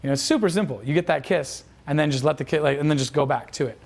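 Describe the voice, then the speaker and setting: Fast-talking gravelly man coaching. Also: on the high side. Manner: casual, profane, lots of fillers. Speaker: dating coach. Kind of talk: instructional storytelling.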